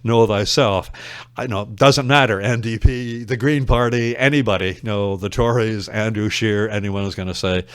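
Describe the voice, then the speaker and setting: Prof guy with a really low voice, wry thoughtful rambling, dry close sound. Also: fairly even intonation, normal speed, hardly any pauses, clean tone, no echo. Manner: thoughtful, wry, digressive explainer. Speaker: English literature professor, guest. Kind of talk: casual podcast interview.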